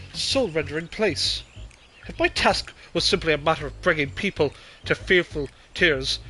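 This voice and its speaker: A man's voice: high-pitched, bright, forceful tone, heavily acted. A man voicing a sleazy male demon disguised as a clown, with a theatrical put-on accent.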